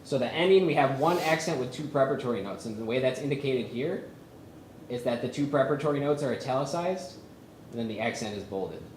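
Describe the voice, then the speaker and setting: A man presenting a workshop on chanting psalms, speaking haltingly with many fillers and humming melodies to show them. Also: medium pitch, expressive, darkish tone, a little hiss or hum. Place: conference room with a live audience. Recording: roomy echo from a lecture space.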